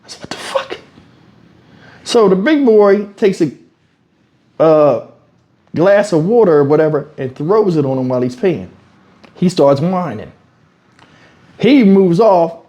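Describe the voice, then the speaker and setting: A YouTube commentator from Houston, Texas speaks in a high voice, unhurried with frequent pauses, as he tells a vlog story, acting out quotes animatedly and swearing freely. He uses a wireless lavalier mic at home.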